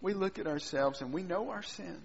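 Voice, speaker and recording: A man preaching a sermon, swinging between loud emphatic lines and quiet low asides. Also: normal speed, vocal fry. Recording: dull sound with long hall reverb.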